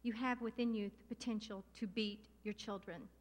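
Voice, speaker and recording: A middle-aged woman preaching a sermon with passion and emphasis, slowing down to stress key words. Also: mid-range voice, steady tone. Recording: long hall reverb.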